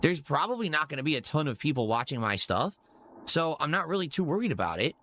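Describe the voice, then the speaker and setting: A man's voice: fairly high pitch, big pitch swings, fast, pushed and bright, a little hiss or hum. A man streaming live, reading his chat and rambling defensively about support for his stream.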